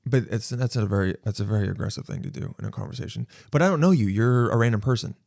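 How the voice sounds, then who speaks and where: A man hosting his own podcast, telling a story in a casual monologue and acting out quoted lines with sudden jumps in pitch. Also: quick pace, creaky, no room sound, studio quality. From Los Angeles. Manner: animated, acts out quotes with sudden high jumps. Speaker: podcast host.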